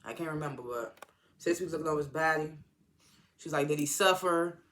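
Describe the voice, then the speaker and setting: A TV episode reviewer in a casual recap, rambling and halting with lots of fillers and exasperated asides. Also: mid-range voice, a bit bright, a little hiss or hum.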